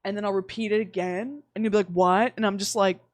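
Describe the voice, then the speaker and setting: A woman's voice: medium pitch, fairly even intonation, quick pace, a little mellow, dry recording. A woman streaming from home, chatting casually while gaming, laughing often and speaking candidly with some swearing.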